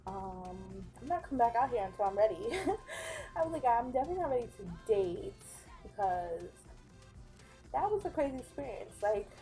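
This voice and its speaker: A young woman tells a story to camera in a chatty vlog, her voice sitting a little high for a woman. She stays lively and keeps dropping into mock voices for the people she quotes. Soft music plays faintly behind her. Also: moderate pace. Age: young adult. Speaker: vlogger. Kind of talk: casual storytime.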